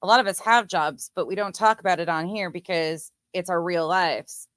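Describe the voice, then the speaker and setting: A woman's voice: fairly low pitch, normal speed, fairly bright tone, no room sound. A woman commentator reacting to clips in a blunt, sarcastic, profane way. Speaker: commentary streamer. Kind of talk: casual commentary.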